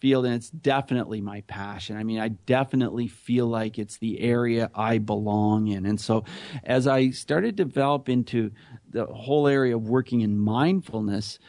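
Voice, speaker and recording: A man's voice: mid-range voice, moderate pace, darkish tone, no echo, studio quality. A middle-aged man telling his story earnestly in a conversational interview. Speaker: guest, anti-bullying speaker.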